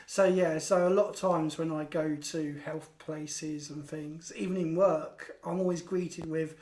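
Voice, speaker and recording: A man sharing his own experiences in a relaxed, conversational way, often with short agreements. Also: on the high side, unhurried, hardly any pauses. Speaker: co-presenter sharing lived experience. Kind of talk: casual conversation. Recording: roomy echo.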